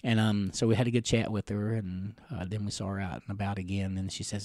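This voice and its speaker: A middle-aged man from the Catawba Nation telling personal stories in an interview, rambling gently with chuckles and fillers. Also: fairly low pitch, flat delivery, fast, no echo, studio quality. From Catawba Nation, Carolinas, USA.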